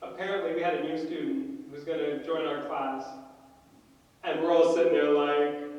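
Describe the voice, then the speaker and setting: A man telling a story on a convention panel, animated and laughing as he goes. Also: on the high side, a little slow, pauses often, highs cut off. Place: large convention panel room. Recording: echoey hall, far from the mic.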